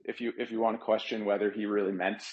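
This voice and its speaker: A man's voice: lowish voice, little pitch movement, fast talker, narrow, tinny audio. A man calling in to a fan podcast, talking earnestly and a little ramblingly about his team. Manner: earnest, a bit rambling, many fillers. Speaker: caller, regular contributor. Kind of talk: casual call-in chat.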